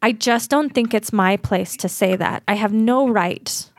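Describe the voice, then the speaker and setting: A woman's voice: mid-range voice, measured pace. A woman from Utah, a guest advocate, talking earnestly and reflectively in an interview, often critical of herself. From Utah, USA.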